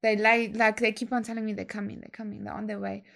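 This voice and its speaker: A young adult woman, telling a story in a slangy, animated way and acting out other people's lines. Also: mid-range voice, quick pace, gravelly. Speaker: guest DJ. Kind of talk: casual storytelling chat.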